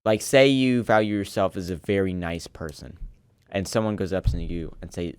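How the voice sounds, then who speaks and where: Young male podcaster, low and resonant, earnest and rambling. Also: moderate pace, smooth, no echo. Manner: earnest, rambling, restarts often. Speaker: podcast co-host. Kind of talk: casual chat.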